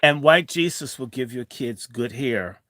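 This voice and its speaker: A man's voice: medium pitch, animated, unhurried, a bit bright. A man in his sixties telling a childhood story in a blunt, provocative way, swinging from the tale into profane rants. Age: 60s. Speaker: host.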